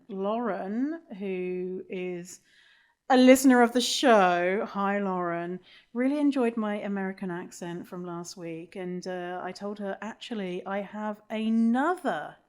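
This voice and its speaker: A woman's voice: mid-range voice, a little mellow. A woman hosting a podcast in casual chat, joking at her own expense and swearing freely. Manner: self-mocking, swears freely. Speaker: podcast host.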